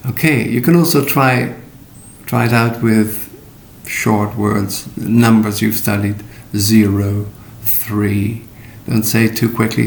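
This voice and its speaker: A middle-aged man gives a recorded pronunciation lesson in a low, gravelly voice, taking his time over every word. His slow, deliberate delivery is dotted with fillers and spoken examples. The sound carries an echoey room with a faint rumble underneath. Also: level tone. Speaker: English pronunciation teacher.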